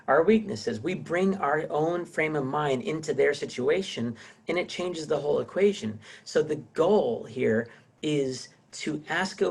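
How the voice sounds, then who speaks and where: A man's voice: mid-range voice, slightly rough. A middle-aged man teaching a casual class over a video call, rambling with many restarts. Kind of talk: casual online class lecture.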